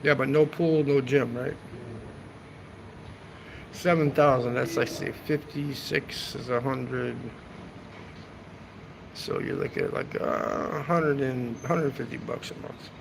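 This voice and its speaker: A man's voice: mid-range voice, steady tone, slow, creaky, long pauses, noisy background. A man chatting casually on a travel livestream from a hotel rooftop, rambling and swearing, ending his sentences with "man". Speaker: travel vlogger. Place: hotel rooftop seating area, outdoors.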